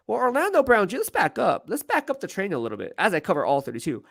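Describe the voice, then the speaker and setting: A man with a somewhat high voice runs a casual live-stream Q&A as a team reporter. He talks in loose, rambling runs and pokes fun at himself. The sound is dry, with no room echo. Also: wildly swooping pitch, fast, vocal fry. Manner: rambling, self-deprecating storyteller. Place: media workroom at team headquarters.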